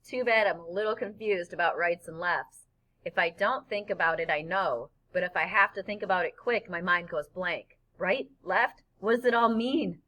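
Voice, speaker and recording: A woman narrating a novel in first person, in a lively storytelling manner. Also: on the low side, moderate pace, low-quality recording. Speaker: audiobook narrator. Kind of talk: scripted narration.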